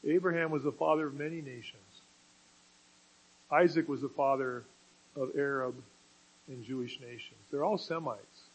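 Husky-voiced man preaching a sermon. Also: mid-range voice, moderate pace, pauses often, rough recording. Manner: dynamic preaching, swings from quiet to loud emphasis.

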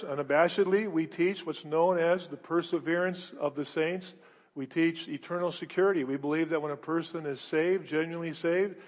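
A male pastor preaching a sermon in his church, emphatic and repetitive, asking rhetorical questions and swinging between loud declarations and hushed asides. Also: fairly high pitch, big-room sound, lo-fi sound.

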